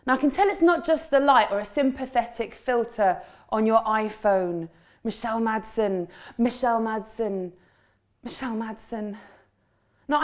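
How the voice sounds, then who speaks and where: A woman's voice: a little high, a little mellow. A woman performing spoken word poetry in a rhythmic delivery with repeated refrains. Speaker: poet.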